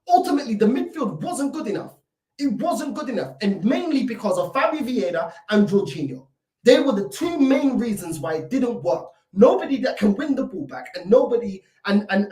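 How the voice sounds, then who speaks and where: A woman's voice: medium pitch, warm tone, echoey room. A woman hosting a football fan channel, delivering a heated, swearing reaction rant sprinkled with Portuguese words.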